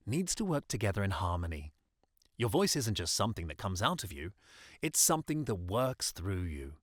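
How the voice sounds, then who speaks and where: A man with a low voice talks through a scripted podcast as a voice coach. His delivery is lively and emphatic, rising and falling freely on key words. The sound is dry and close, with no room around it. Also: dry recording. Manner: expressive, emphatic delivery with pitch swings.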